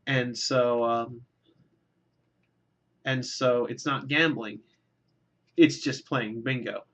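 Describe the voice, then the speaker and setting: A man's voice: mid-range voice, steady tone, takes it slowly, fairly bright tone. A man delivering a rambling, self-deprecating comic monologue, with lots of filler words and restarts. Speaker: vlogger.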